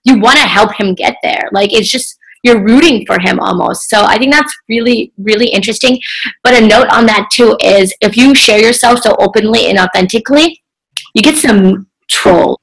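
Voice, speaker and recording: A young adult woman talking as a guest in a casual podcast interview, chatty and animated, with many filler likes. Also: fairly high pitch, normal speed, creaky, breathy edge, rough recording. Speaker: podcast guest, social media entrepreneur.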